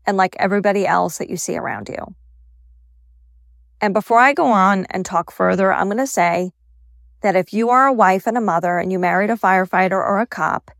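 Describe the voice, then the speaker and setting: Gravelly-voiced woman telling a personal story. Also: mid-range voice, no room sound, studio quality. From Staten Island, New York. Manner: candid, conversational, wry asides. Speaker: podcast host.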